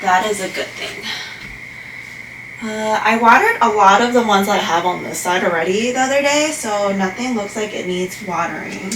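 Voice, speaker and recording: A woman's voice: mid-range voice, normal speed, distant mic. A woman chatting casually while tending her houseplants, exclaiming and teasing herself as she works. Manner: chatty, self-deprecating, exclaims often. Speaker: plant vlogger. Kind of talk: casual chat while doing chores. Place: indoor room with plants. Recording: echoey room with clear noise.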